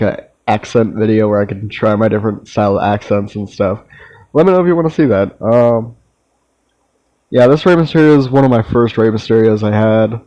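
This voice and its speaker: A man's voice: medium pitch, no echo, low-quality recording. A young man casually ranking his collectibles. He rambles, uses lots of ums and restarts sentences. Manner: relaxed, meandering, with frequent ums and restarts. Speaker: toy collector vlogger.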